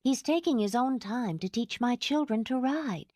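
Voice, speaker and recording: A woman's voice: on the high side, lively intonation, moderate pace, dark tone, no echo, clean studio sound, pitched above the performer's own voice. A woman reading an audiobook, voicing a tired, kind young mother who speaks reasonably. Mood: weary.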